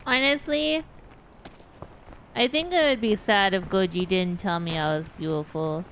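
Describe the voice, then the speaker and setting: A woman's voice: medium pitch, unhurried, fairly bright tone, slight background noise. A woman streamer chatting casually and candidly, rambling a little and swearing offhandedly.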